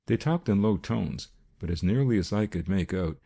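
A man narrating a detective story as an audiobook, in a steady, measured first-person reading. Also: deep voice, creaky, slightly rough.

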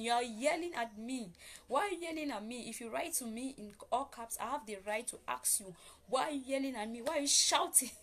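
Woman, fairly high voice, repetitive emphatic teacher, casual lesson to camera. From Africa. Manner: repetitive and emphatic, explaining step by step. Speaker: host teaching online manners.

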